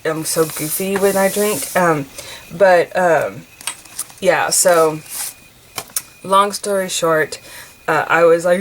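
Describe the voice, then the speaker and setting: A woman's voice: deep voice, measured pace, a little hiss or hum, poor audio. A woman in her forties from the United States, chatting casually and rambling while she works on a craft journal. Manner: chatty and rambling, many fillers and restarts. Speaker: craft vlogger.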